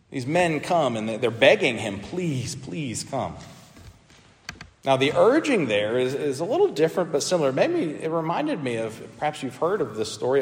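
A man's voice: on the high side, in a large hall. A man preaching a sermon as pastor, earnest, with frequent restarts and emphatic peaks.

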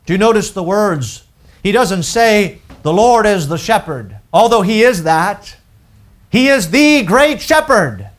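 A man delivers a sermon in a fairly high voice. He speaks slowly and with emphasis, pausing on key words and repeating important phrases. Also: lively intonation. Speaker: preacher.

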